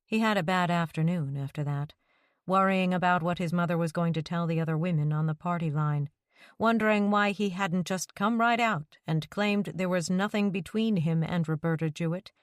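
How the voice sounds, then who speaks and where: A woman narrates a romance audiobook in an even, measured way. Her voice sits low, and the recording is dry and close. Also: no room sound. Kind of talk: scripted narration.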